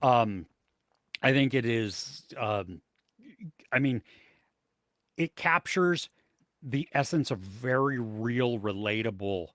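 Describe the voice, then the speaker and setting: Man, podcast co-host, loose rambling delivery with plenty of ums, mid pitch, dry close sound. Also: animated, takes it slowly, pauses often, fairly bright tone, no room sound. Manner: rambling, many fillers and restarts. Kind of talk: casual chat about movies and shows.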